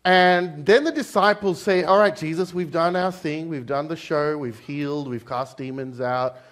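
High-voiced man preaching casually. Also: moderate pace, a bit bright. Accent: Australian. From Australia. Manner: conversational, joking, acts out quoted voices. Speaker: pastor. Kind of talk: sermon. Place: church hall.

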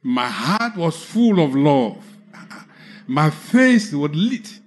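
Slow, halting Nigerian preacher man. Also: on the high side, very animated. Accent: Nigerian English. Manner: slow, halting storytelling with restarts. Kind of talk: testimony sermon.

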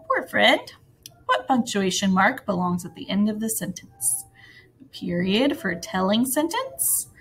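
A woman teaching a recorded grammar lesson to first graders, in a sing-song teacher voice with playful jumps in pitch. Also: fairly bright tone, a little hiss or hum.

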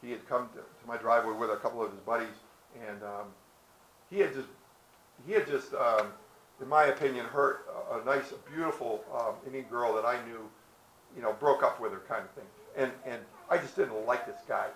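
A man tells a story to a small audience, slipping into the voices of his characters. His pitch sits in the middle. The sound is roomy, with faint outdoor ambience behind him. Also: brisk, fairly bright tone, a little hiss or hum. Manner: storytelling, folksy, acts out characters with hesitations. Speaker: presenter. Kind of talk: outdoor history talk to visitors. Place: outdoors at a historic site.

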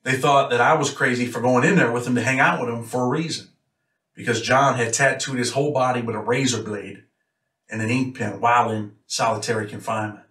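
A man's voice: mid-range voice, steady tone, a little fast, fairly bright tone. A man from New York State, a former prisoner, telling a story in a blunt, matter-of-fact way. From Rochester, New York. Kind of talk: casual storytelling. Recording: roomy echo, mic a bit far off.

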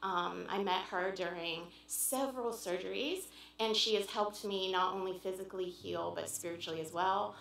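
A woman in her forties stands before a church congregation and talks in an earnest, heartfelt way, with frequent "um" pauses. Her voice sits at a middle pitch for a woman. The church room adds a clear echo. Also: a bit bright. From Pennsylvania. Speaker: visiting churchgoer addressing the congregation. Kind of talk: informal church speech. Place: church sanctuary.

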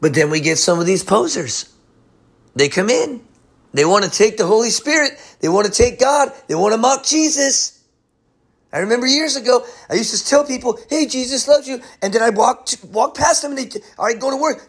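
A male pastor teaching scripture in a loose, joking way, acting out little voices along the way. His voice sits high and swings widely in pitch, with a husky edge. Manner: animated, jokey, slips into quick character voices. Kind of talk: casual verse-by-verse sermon.

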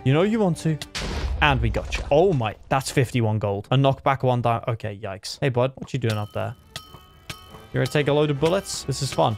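A young man talks through his gameplay with a lively voice that swings up high when a fight gets tense. His pitch sits in the middle range. Soft music plays faintly behind him. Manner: excitable, pitch jumps sharply in tense fights. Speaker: gaming streamer. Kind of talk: live gameplay commentary.

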